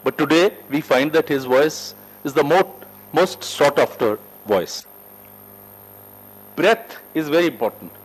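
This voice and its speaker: Lively lecturer, higher voice. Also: male voice, measured pace, breathy edge, rough recording. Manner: emphatic, lively teacher with wide shifts in pitch and loudness; asks the class questions and answers them himself. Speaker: corporate soft skills trainer. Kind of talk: classroom lecture. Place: training room with a group.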